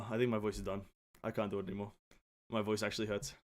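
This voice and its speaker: A man streaming a game, joking and swearing, his throat sore and gravelly. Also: on the low side, fairly even intonation, brisk. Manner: joking, swearing, puts on a mock posh British voice. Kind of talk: casual gameplay commentary.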